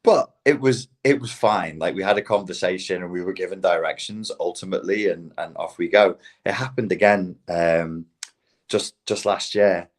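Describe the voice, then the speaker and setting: A man with a fairly low voice talks in a loose, conversational way on a podcast. He tells stories with plenty of swearing and now and then slips into quoted voices. The tone stays casual and unhurried. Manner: storytelling with animated quoted voices. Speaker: podcast guest. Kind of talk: casual chat.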